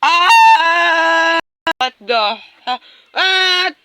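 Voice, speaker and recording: A woman's voice: extremely high pitch, huge pitch swings, extremely slow, very noisy. A woman voicing plush toys in a skit, screaming and gasping dramatically. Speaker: plush toy video narrator.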